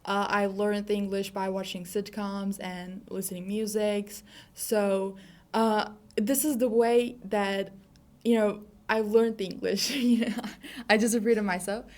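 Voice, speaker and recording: A teenage girl whose first language is Turkish talks as a student guest on a school podcast. She chats casually, fills her sentences with "you know", and sometimes rushes in quick bursts at a medium pitch. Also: fairly even intonation, darkish tone. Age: teens.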